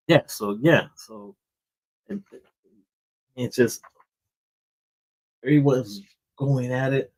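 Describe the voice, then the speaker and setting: A man's voice: mid-range voice, slow, long pauses, a little mellow, rough recording. A man hosting a comic book show, chatting casually about a book, rambling, repeating words and often saying "man".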